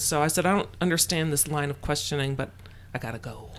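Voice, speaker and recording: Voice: medium pitch, fast, a bit bright. An adult telling a personal story in a casual chat, acting out the quoted dialogue with lots of swearing.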